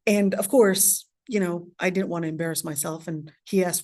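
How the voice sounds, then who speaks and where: A woman's voice: fairly low pitch, steady tone, normal speed, darkish tone, no echo, clean studio sound. A woman from Palestine, in her thirties, giving a casual lecture with personal anecdotes, chatty with frequent restarts and asides.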